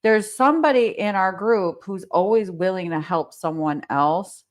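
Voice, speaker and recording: A woman's voice: mid-range voice, normal speed. A woman with a New Jersey accent hosting a casual interview as a team coach, talking up her group with enthusiasm.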